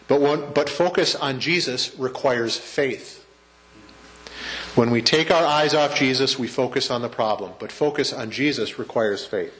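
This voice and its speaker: A man's voice: medium pitch, fairly bright tone. A man preaching a sermon to his congregation in a church, chatty and joking, asking the room questions. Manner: conversational preacher, asks the congregation questions and jokes. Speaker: pastor. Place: church sanctuary.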